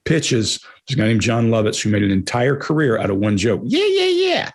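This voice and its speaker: A man co-hosting a live Q&A, talking fast and explaining things, with a hoarse voice. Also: lowish voice. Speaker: co-host answering viewer questions. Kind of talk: live Q&A talk.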